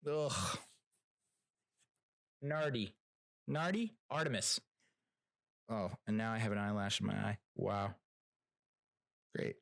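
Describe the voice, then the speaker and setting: Young male podcast host, lowish voice, loose rambling delivery, dry close recording. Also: a bit bright, no echo. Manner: rambling, frequent restarts and fillers, laughs at own jokes, swears casually. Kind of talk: casual solo commentary.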